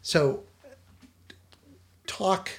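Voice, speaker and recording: A male podcast host casually discussing a TV episode, retelling its scenes with lots of restarts and fillers. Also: drawn-out words.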